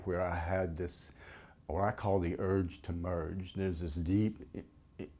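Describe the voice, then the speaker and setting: Older male veteran, deep mellow voice, halting emotional testimony. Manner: earnest, halting, emotional storytelling with restarts. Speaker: interview guest, retired Navy veteran. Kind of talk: personal testimony interview.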